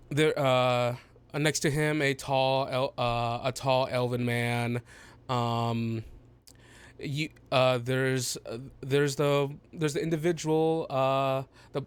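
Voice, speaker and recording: Slow halting man running a tabletop game. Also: mid-range voice, smooth. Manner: halting, many fillers and restarts. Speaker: game master.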